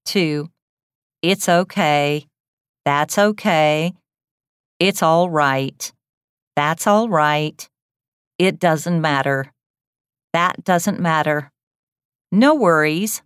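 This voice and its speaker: A woman reading English lesson headings and phrases in a measured, even way. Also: sits low, clean tone, no room sound, clean studio sound. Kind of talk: slow, clearly read language-lesson phrases.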